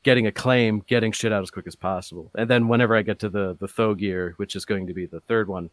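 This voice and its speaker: Casual male talker, lowish voice, loose and rambly with lots of ums, dry close mic. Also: fast, no room sound. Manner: rambling, many fillers and restarts, gets animated. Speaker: podcast guest. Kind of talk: casual chat.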